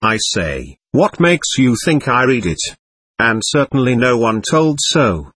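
A man reading an audiobook, voicing a proud, argumentative teenage boy who lectures earnestly and takes offence quickly. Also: mid-range voice, sing-song, a bit bright, slightly rough, dry recording, exaggerated voice. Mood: lecturing.

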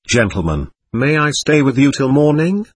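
Storybook role: a man reading a desperate young man who stammers wildly, husky voice. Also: medium pitch, very animated, moderate pace, no echo. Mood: agitated. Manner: stammering, exclamatory.

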